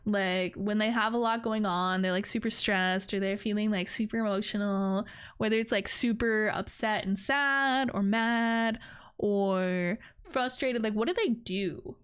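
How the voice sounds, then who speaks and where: A woman's voice: medium pitch, a little slow, smooth. A young woman livestreaming, chatting casually in a rambling, self-deprecating way with frequent giggles. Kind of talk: casual stream chat.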